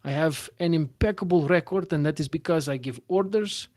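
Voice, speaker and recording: A man's voice: fairly high pitch, moderate pace, darkish tone, dry recording, natural voice. A man voicing a stern male Aasimar prison warden who speaks in a cold, formal, menacing way.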